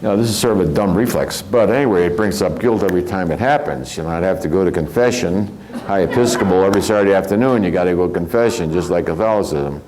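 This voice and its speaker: A man's voice: low voice, quick pace, few pauses, darkish tone, poor audio. An older man from the American Midwest giving a rambling, reflective spiritual lecture and often chuckling as he tells stories. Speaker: spiritual teacher.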